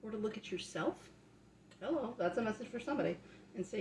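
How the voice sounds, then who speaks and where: A woman's voice: medium pitch, animated, quick pace. A young woman at home, telling a faith story in chatty, casual talk that grows fervent and preachy, often asking "right?". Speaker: vlogger sharing a faith testimony. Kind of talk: casual testimony turning to preaching. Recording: echoey room, faint background noise.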